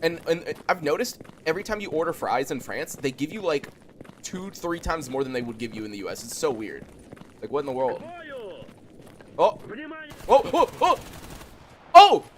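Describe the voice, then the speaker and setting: A man's voice: animated, brisk, slight background noise. A young man streaming a game, chatting loosely with viewers and swearing a lot. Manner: yells in high-pitched disbelief when killed in game. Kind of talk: casual gaming stream chat.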